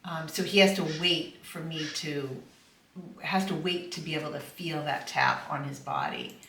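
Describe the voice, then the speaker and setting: A middle-aged woman dog trainer explaining puppy training in a calm, affirming voice. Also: low-pitched, normal speed, vocal fry. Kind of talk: instructional voice-over. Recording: echoey room, from far off, faint noise.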